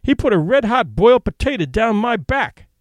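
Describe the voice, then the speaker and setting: A man's voice: high voice, sing-song, brisk, no room sound. A man voicing Bill, a nervous, bumbling kidnapper in an audiobook story, with an anxious, whining delivery.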